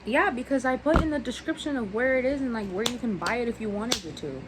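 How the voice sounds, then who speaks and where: A woman's voice: a little high, quick pace. A young woman vlogger in casual chat, telling stories with playful teasing. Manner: storytelling with laughs, playful teasing. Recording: faint background noise.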